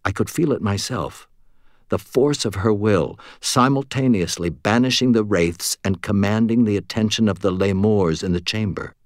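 A male audiobook narrator with a very low voice, reading first-person fiction in a wry, steady way. The recording is dry and close, with no room sound around it. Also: moderate pace, no echo.

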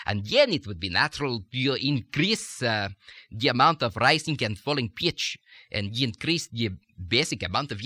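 A man talks through a dialect-coaching lesson recorded on tape. His delivery is measured and explanatory, and his tone is bright and forceful. The sound is dry and close, with no room echo. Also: medium pitch.

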